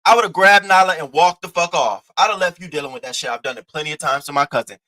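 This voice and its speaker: A man's voice: a little high, quick pace, sharp tone, low-quality recording. A man giving blunt, profane, mocking reaction commentary, lecturing his viewer in AAVE. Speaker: commentary host.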